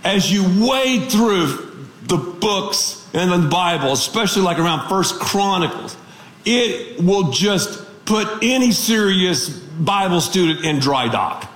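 Lively joking pastor with a high voice. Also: male voice, slow pace, reverberant. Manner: animated, joking storyteller. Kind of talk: radio sermon.

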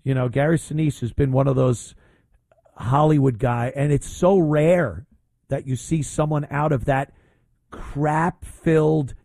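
A man hosting talk radio in a studio, blunt and indignant as he rambles through his opinions with plenty of fillers. His voice sits a bit high but sounds mellow and dark, and the sound is close and dry. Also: steady tone, a little slow, creaky, dry recording.

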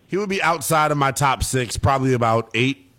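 A man's voice: medium pitch, expressive, a little fast, fairly bright tone. A young man hosting a late-night sports call-in radio show, playful and laughing often as he riffs with callers. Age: young adult. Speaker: sports talk radio host.

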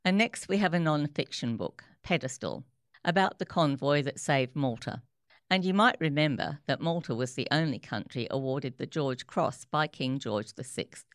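A radio presenter, introducing guests and reading book extracts in a measured, clear way. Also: mid-range voice, no room sound, studio quality. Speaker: radio show host.

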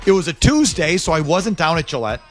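A man's voice: on the high side, big pitch swings, brisk, faint music behind. A man chatting casually on a radio talk show, opinionated and full of restarts. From USA.

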